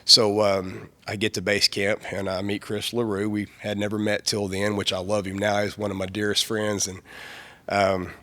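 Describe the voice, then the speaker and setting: A man telling his personal testimony as a podcast guest, earnest and halting, full of fillers. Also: on the low side, monotone, sharp tone, no room sound.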